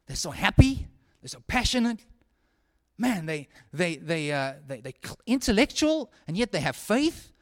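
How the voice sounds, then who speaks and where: High-voiced, animated preacher. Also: male voice, moderate pace. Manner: earnest, animated, conversational, with frequent restarts and swings from hushed to loud. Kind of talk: sermon.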